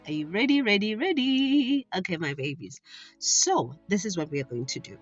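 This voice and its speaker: A woman's voice: fairly low pitch, big pitch swings, normal speed, lo-fi sound, faint music behind. A woman telling a story to young children in an affectionate way, often checking that they are listening.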